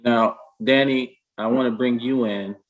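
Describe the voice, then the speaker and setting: A man hosting an interview, asking measured, prompting questions. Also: mid-range voice, fairly even intonation, low-quality recording. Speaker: interview host.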